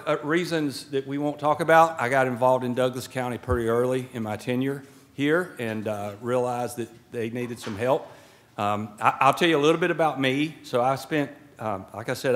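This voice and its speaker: A middle-aged man with a drawl speaks at a podium microphone indoors. His folksy, joking manner drifts into a preacher's cadence as he addresses the audience. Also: mid-range voice. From Georgia. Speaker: guest speaker at a swearing-in ceremony. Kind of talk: informal ceremonial speech. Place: indoor event hall at a podium.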